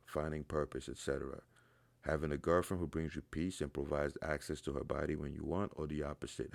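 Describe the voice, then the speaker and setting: A man with a very deep, fry-laden voice talks through viewer questions like a blunt dating coach. He is profane and emphatic, sinking into low mutters and then breaking into loud outbursts. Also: no room sound. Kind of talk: casual Q&A monologue.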